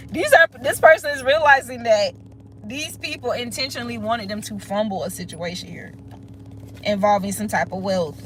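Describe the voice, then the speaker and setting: A woman's voice: fairly high pitch, moderate pace, a bit bright, slight background noise, low-quality recording. A woman giving a casual spiritual reading in a blunt, profane, emphatic way, often checking in with "okay?". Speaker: tarot reader.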